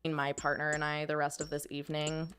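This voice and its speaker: Low-voiced young woman telling her story. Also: completely flat delivery, a little fast, fairly bright tone, a little hiss or hum. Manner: hesitant, lots of "like" and restarts. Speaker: podcast guest. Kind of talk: personal storytelling.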